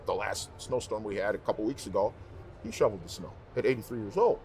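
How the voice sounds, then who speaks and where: Male singer as interview guest, low-voiced, emphatic rambling storyteller, faint noise. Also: expressive, fast, a little mellow. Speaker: professional singer, podcast guest. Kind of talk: casual interview talk.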